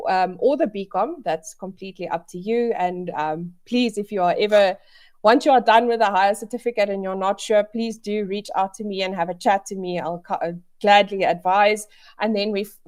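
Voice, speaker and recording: A woman's voice: mid-range voice, a little mellow. A woman presenting an education webinar, chatty and upbeat, with many fillers and restarts, on a video call. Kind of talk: casual presentation to an online audience.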